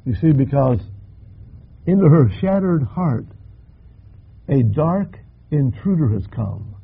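An older male pastor preaching with dramatic, impassioned swells, his voice gravelly and husky. His pitch rises and falls widely. The recording is dull and lo-fi. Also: big pitch swings, takes it slowly. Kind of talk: sermon.

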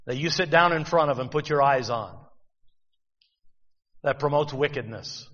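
A man's voice: mid-range voice, normal speed, fairly bright tone, long reverb tail, lo-fi sound. A man preaching a sermon, talking conversationally and asking rhetorical questions.

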